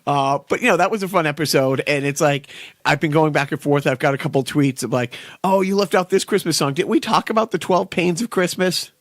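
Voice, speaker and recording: A man hosting a podcast, telling jokes and chatting in a rambling, halting way. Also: fairly high pitch, dry recording, clean studio sound. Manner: rambling, lots of fillers and restarts. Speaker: podcast host. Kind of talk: casual chat.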